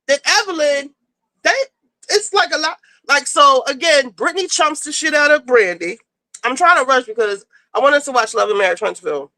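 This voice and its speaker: A woman hosting a livestream, recapping reality TV in casual, blunt and profane chat, rushing through the story. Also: high-pitched, animated, sharp tone, no echo, low-quality recording. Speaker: livestream host.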